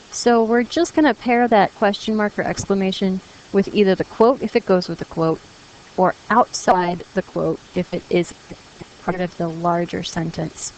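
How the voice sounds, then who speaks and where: A woman's voice: medium pitch, darkish tone, a little hiss or hum, poor audio. Patient woman teaching a grammar lesson. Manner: patient, encouraging, reads examples aloud.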